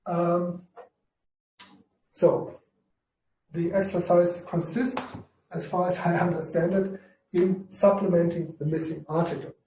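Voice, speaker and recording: Hesitant teacher. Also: male voice, sits high, little pitch movement, slow, pauses often, warm tone, far from the mic, slight background noise. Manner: hesitant, many fillers and restarts. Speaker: Greek language teacher. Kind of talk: informal online lesson. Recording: echoey room, off-mic.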